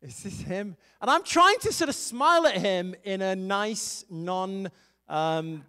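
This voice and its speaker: Middle-aged male preacher, high and lively pitch, chatty storytelling sermon. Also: slow pace, clear, resonant tone. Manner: conversational storytelling with laughs. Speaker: evangelist and pastor.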